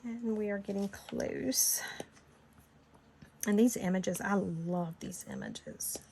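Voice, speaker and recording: A woman's voice: mid-range voice, huge pitch swings, slow pace, creaky, darkish tone. Middle-aged southern woman w/ a georgia drawl, chatty and rambly, walking through a design tutorial, little bit of hiss behind her. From Florida. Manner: chatty, rambling, laughs easily. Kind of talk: casual screen-recorded tutorial chat.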